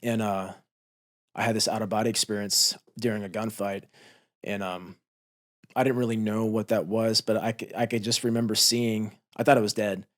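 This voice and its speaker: In a podcast studio, a man in his thirties who once served as a Marine recounts combat with intense candor and profanity, re-enacting the shouting. His voice sits on the low side with little pitch movement, at a normal pace.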